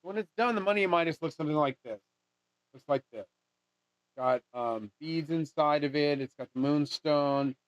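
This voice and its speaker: A man's voice: fairly high pitch, moderate pace. A man rambling in a casual monologue as he makes a money charm, swearing often and trailing off mid-thought. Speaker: vlogger making a money charm. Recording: dull lo-fi dry sound.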